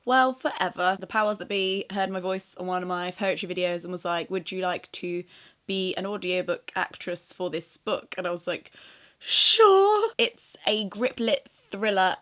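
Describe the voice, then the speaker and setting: A young woman in her twenties from England, chatting to camera in a self-mocking way with quick asides. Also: fairly low pitch, fairly even intonation, a bit bright. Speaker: vlogger. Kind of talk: casual chat to camera.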